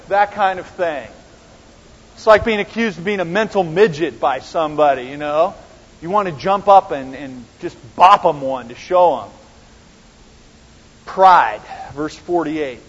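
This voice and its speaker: A man with a fairly high, husky voice teaches scripture in a casual, chatty way, asking his listeners question after question. His voice rings through a large church hall with a long reverb. The recording is dull and lo-fi. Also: animated, moderate pace. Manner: conversational, fond of rhetorical questions. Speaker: preacher teaching a Bible study. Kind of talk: sermon-style Bible teaching.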